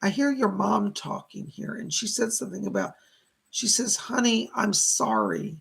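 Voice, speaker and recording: A man's voice: high-pitched, moderate pace, vocal fry, fairly bright tone, husky. A man hosting live-streamed psychic readings, relaying messages from spirits and thanking viewers for their donations. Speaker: psychic medium host.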